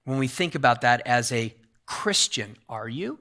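A man's voice: medium pitch, lively intonation, normal speed, sharp tone. A middle-aged male pastor preaching a sermon, earnest and repeating key phrases for emphasis.

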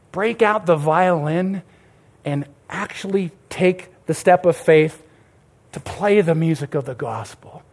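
High-voiced man preaching a storytelling sermon. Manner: storytelling, addresses the crowd as beloved. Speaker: pastor. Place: church.

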